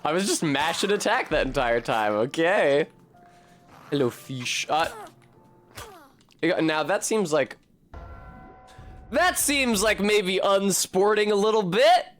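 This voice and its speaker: A man's voice: high voice, expressive, slow, pauses often. A man giving casual, wry commentary as he streams a video game, swearing freely and chatting with his viewers. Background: game music.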